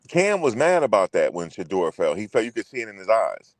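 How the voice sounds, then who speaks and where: Speaking briskly in a sing-song way with hardly any pauses, a man on the low side hosts a laid-back sports chat. There's no echo. He's profane and repetitive, and he talks directly to the people watching.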